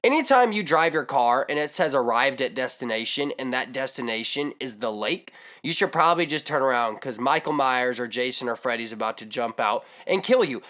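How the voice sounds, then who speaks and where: Young man, vlogger, comedic storytelling, lively swooping voice, mid pitch, exaggerating, rambling asides. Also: fairly quick, few pauses.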